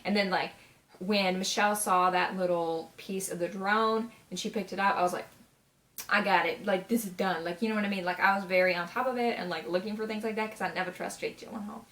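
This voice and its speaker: A nineteen-year-old woman chats through a movie review like she's talking to a friend. Her voice sits at a middling pitch, peppered with filler words and quick asides. She gushes, and every so often she bursts into a loud, high exclamation. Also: fairly even intonation. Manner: chatty, gushing, full of "like" and "you know what I mean". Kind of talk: casual vlog review.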